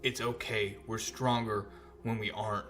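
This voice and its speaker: A man's voice: on the low side, level tone, moderate pace, fairly bright tone, soft background music, voice pushed down, natural voice. A man voicing a determined, earnest teenage boy in a comic retelling.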